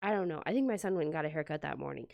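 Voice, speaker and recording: Woman, casual planner vlogger, gravelly tone, dry close sound, lots of fillers. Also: deep voice, rapid-fire, darkish tone, dry recording. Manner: chatty, many "like" fillers, acts out quotes. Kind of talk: casual storytelling while decorating a planner. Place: home, indoors.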